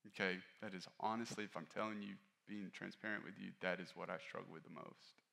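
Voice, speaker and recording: A man with a fairly low voice delivering a sermon from the pulpit. He talks candidly and conversationally, pushing up in force for key points, then sinking quiet and low for confessions. The delivery feels like a pastor speaking to his own congregation. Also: steady tone, fairly quick, gravelly. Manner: candid, conversational preaching that rises and falls in force.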